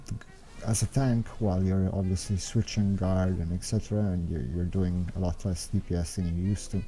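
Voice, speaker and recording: A man's voice: low voice, steady tone, normal speed, mellow. A young man giving unscripted, meandering strategy commentary over gameplay footage, thinking aloud as he explains. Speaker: game strategy guide maker.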